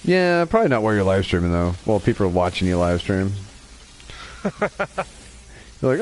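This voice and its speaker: A man's voice: sits low, big pitch swings, normal speed, long pauses, a little mellow, a little hiss or hum. A man with a slight Southern US accent hosting a casual gaming livestream, chatty and joking as he narrates his play. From Wyoming, USA. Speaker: livestream host.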